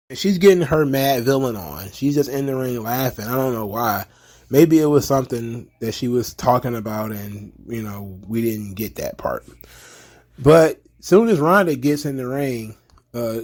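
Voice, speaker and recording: A man giving a casual, opinionated recap of a wrestling show as the channel's host. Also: mid-range voice. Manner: chatty, opinionated, slips into animated impressions of fans.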